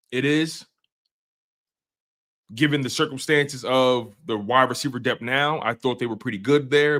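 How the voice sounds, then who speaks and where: A man with a medium-pitched, slightly bright voice hosts a live sports stream, breaking down team news and heatedly ranting at rival fans.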